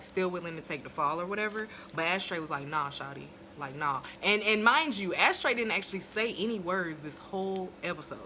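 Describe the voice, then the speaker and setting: A young woman with a lowish, pushed, bright voice recaps a TV episode bluntly and casually, swearing and laughing along the way. It's recorded on a phone at home, with a little hiss or hum.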